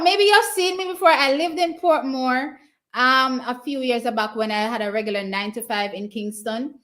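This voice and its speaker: A Jamaican woman hosting a live stream, casually commenting on races, answering viewers' questions and cheering her team on. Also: medium pitch. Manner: chatty and excitable, cheering teams on. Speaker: live stream watch party host.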